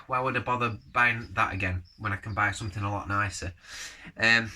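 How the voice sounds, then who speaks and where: A man's voice: fairly low pitch, fairly even intonation, a little fast, pushed and bright. A man casually reviewing a beer on camera, rambling from one thought to the next and giving blunt verdicts. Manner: rambling, jumps between topics.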